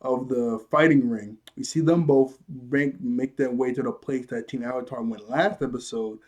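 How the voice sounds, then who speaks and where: A man giving a loose, casual recap of a cartoon episode, chatty and quick to laugh. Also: medium pitch, fairly even intonation, a little mellow. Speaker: show reviewer.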